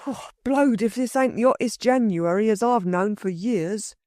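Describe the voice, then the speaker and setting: A woman reading aloud voices a rough-spoken London burglar who is meek, bewildered and muddled, rambling on in slangy working-class talk. She pitches this character a little below her own voice, which sits on the high side with a mellow, natural sound at a moderate pace. The recording is dry and close, with no echo.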